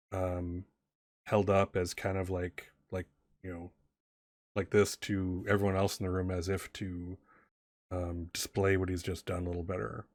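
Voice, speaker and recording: A man with a low voice runs a tabletop game, stopping and restarting his sentences as he narrates. The sound is dry, with no room echo around him. His pace is unhurried and conversational. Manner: halting, many fillers and restarts. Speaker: game master.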